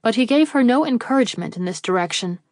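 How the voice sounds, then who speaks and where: A woman reading a classic mystery novel aloud as an audiobook narrator, in an even, measured way. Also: a little high, no echo, clean studio sound.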